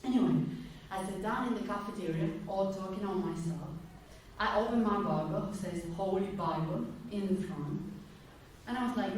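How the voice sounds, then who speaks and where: A woman's voice: mid-range voice, normal speed, darkish tone, a little hiss or hum. Woman preaching in an echoey church. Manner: storytelling, acting out quoted voices, candid. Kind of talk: personal testimony sermon. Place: church hall. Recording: echoey church hall, mic at a distance.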